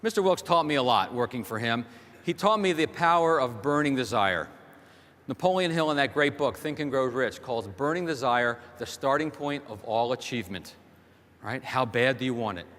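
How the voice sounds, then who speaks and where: A man's voice: medium pitch, lively intonation, moderate pace, fairly bright tone. A man giving a motivational keynote speech on a large hall stage, telling stories and firing rhetorical questions at the audience through a stage microphone. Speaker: keynote speaker. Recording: long hall reverb from a stage.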